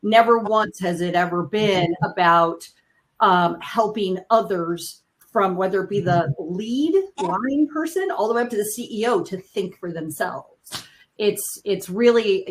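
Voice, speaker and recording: A middle-aged woman hosting a live panel discussion, talking with restarts and quick asides. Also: mid-range voice, a little hiss or hum, rough recording. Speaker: panel host.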